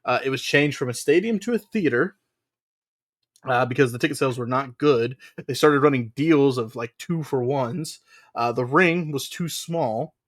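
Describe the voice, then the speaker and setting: A man's voice: mid-range voice, moderate pace. A man co-hosting a casual wrestling podcast, rambling through the news with frequent "uh"s and laughs. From United States. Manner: rambling, laughs often, lots of filler "uh". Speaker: podcast co-host.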